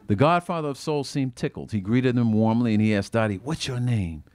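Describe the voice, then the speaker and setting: At a bookstore event, an author reads from his own book in a medium-pitched, brisk voice, expressively performing the quoted characters.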